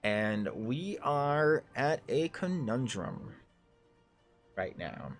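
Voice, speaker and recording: A man's voice: medium pitch, very animated, drawn-out words, faint music behind. A man narrating a tabletop game as game master, talking casually with many fillers and swearing.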